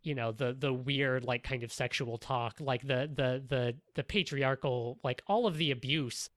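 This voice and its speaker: A man's voice: mid-range voice, moderate pace, fairly bright tone, no echo. Podcast guy rambling along, lots of "like" and restarts, dry close sound. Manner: rambling, many fillers and restarts. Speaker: podcast co-host. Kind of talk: casual podcast discussion.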